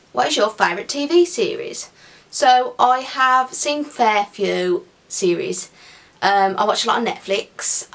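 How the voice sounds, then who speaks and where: A woman's voice: medium pitch, vocal fry, fairly bright tone. A young woman chatting casually to camera in an upbeat Q&A vlog, with giggly asides. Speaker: vlogger.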